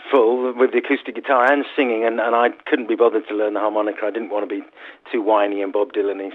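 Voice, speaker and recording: A middle-aged man from Sussex, a musician guest telling chatty, self-mocking stories in an interview over the phone. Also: mid-range voice. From Sussex, England. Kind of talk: interview anecdotes. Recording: tinny phone line.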